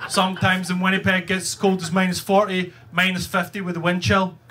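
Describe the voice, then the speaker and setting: A man's voice: high-pitched, little pitch movement, fairly quick, close to an everyday voice. A man voicing a smug Canadian man who states in a matter-of-fact way how cold his home city gets. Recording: live comedy club, loud noise.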